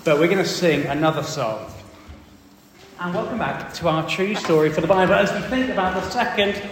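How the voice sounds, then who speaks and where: A man leading a lively church family talk, quizzing the children and reading from the Bible. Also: high-pitched, brisk, slight background noise. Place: large echoey church hall. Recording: echoey hall, distant mic.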